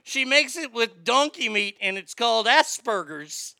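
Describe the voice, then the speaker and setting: A late-forties man hosts a live show in a crude comic rant, jumping from loud outbursts to low mutters. His voice sits high with a gravelly rasp and a sharp, bright edge. The sound is dry and close. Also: expressive, measured pace, no room sound. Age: late 40s. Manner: profane, mocking, swings between loud outbursts and mutters.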